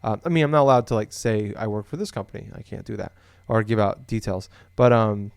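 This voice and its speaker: Rambling low-voiced man, dry close mic. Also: fairly quick, gravelly, clean tone, no room sound. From Des Moines, Iowa. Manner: rambling, full of fillers and restarts. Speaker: podcast co-host. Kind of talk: casual chat.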